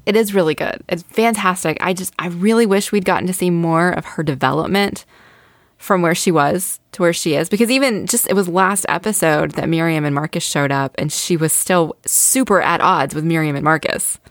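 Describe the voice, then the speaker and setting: A woman's voice: lowish voice, moderate pace, no room sound, clean studio sound. A woman in casual podcast chat, recapping a TV episode with enthusiastic, self-deprecating talk.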